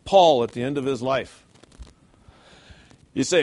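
A man preaching a sermon in a church, animated and rhetorical, often checking in with "okay?". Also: medium pitch, unhurried, pauses often. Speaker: pastor.

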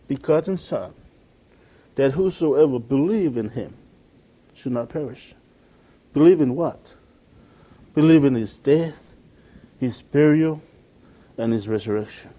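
Man preaching, warm mellow tone, earnest, keeps repeating himself and quoting verses. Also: medium pitch, breathy edge. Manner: earnest, repeats phrases, quotes scripture. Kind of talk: sermon.

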